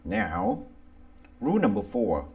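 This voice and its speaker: A man with a Thai accent reading an English grammar lesson, going deliberately through lists of verbs one by one. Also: on the low side, wildly swooping pitch, darkish tone. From Thailand. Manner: slow, deliberate, reads word lists aloud one by one. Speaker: English teacher. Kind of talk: slow scripted grammar lesson.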